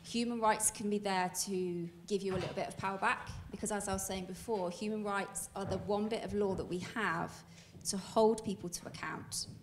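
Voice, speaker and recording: A woman's voice: mid-range voice, steady tone, normal speed, background noise. A woman panelist talking about human rights, thoughtful and hesitant, with frequent ums. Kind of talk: panel discussion answer.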